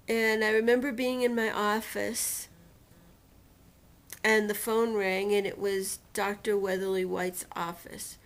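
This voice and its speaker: A woman recounting a painful personal experience in a storytelling manner, slowly and deliberately, acting out what was said to her. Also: medium pitch. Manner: emotional retelling, quotes others and herself dramatically. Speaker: personal testimonial speaker.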